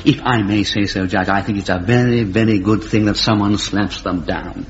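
A man's voice: fairly low pitch, fairly even intonation, moderate pace, a little hiss or hum, lightly acted. An actor playing an eager, polite young male barrister who talks courteously and hurriedly. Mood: deferential. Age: young adult. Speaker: newly called barrister. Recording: dull lo-fi vintage recording.

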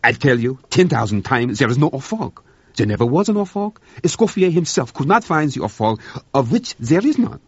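A man's voice: on the low side, big pitch swings, normal speed, a little mellow, breathy edge, no room sound. A man doing an indignant cook. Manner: indignant, theatrical, emphatic denials. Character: excitable French male head cook. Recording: dull, dry lo-fi recording.

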